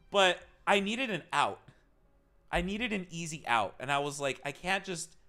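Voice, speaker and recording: Lively, bright young man telling stories. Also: fairly high pitch. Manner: animated, laughing often, swearing. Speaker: streamer. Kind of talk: casual storytelling to a live chat.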